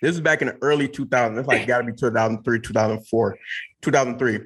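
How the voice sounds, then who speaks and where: A man hosting a casual podcast, relaxed and joking, trading stories with his guest. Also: mid-range voice, fast talker, breathy edge. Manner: relaxed, joking, laughs easily. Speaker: podcast host.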